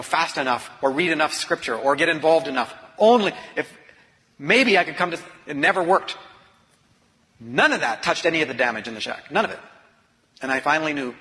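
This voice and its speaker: A man's voice: mid-range voice, slight background noise. Earnest man telling his story in a hall. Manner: earnest confessional storytelling that swings from hushed to intense. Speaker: author and speaker. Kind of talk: personal storytelling talk. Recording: long reverb of a large hall.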